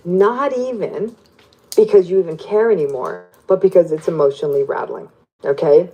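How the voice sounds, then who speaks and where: A woman psychologist explains her ideas to an interviewer in a low, mellow voice. She is animated and plays out the lines people say to her. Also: moderate pace, slightly rough, dull audio. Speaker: psychologist guest.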